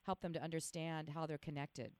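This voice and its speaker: A woman's voice: low voice, flat delivery, fairly quick, a little mellow, no echo. A woman hosting a talk radio show, chatty and enthusiastic as she interviews a guest. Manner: chatty, enthusiastic, self-teasing.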